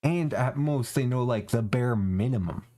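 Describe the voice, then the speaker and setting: A man's voice: medium pitch, moderate pace, mellow. A young man from Canada, a streamer ranting in casual, profane chat while he plays, laughing often.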